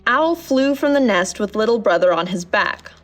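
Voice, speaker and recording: A woman's voice: medium pitch, lively intonation, moderate pace, faint music behind. Woman reading a children's storybook. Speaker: narrator. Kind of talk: storybook narration.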